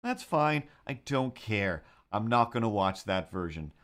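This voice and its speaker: Rambling, excitable man on a livestream. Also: fairly low pitch, measured pace. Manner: rambling, excitable, with frequent fillers. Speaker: livestream host and cartoonist. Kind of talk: casual livestream chat.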